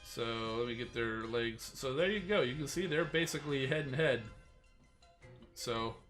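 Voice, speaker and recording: A man's voice: medium pitch, normal speed, a bit bright, faint music behind. A man hosting a casual livestream, showing off collectible figures in a rambling style with many fillers and restarts. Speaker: toy collector and channel host. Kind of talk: casual livestream show-and-tell.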